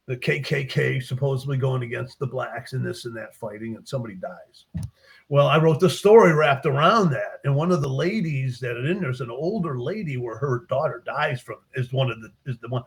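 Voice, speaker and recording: A man, a book author in a casual interview, retelling his short stories with lively acted-out character lines. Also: mid-range voice, husky. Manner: animated storyteller, acts out characters' lines.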